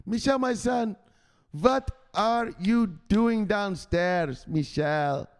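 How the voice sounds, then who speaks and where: A man voicing a fretful, doting older mother who pleads with her son in drawn-out, flowery endearments. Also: sits high, smooth, pitched above the performer's own voice. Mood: doting, pleading.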